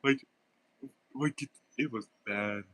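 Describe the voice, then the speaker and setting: A man's voice: medium pitch, slow, a bit bright, no echo. A young man with a stuffy nose, rambling through casual gameplay commentary with lots of fillers and giggles. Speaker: gaming streamer.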